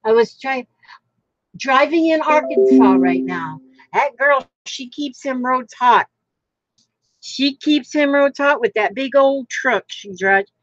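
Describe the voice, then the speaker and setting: Lady rambling slow while she crafts, kinda high voice, dull dry sound. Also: a bit bright, dry recording. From Florida, United States. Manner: chatty, rambling, reads out viewer comments. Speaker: crafting livestream host. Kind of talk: casual chat while crafting.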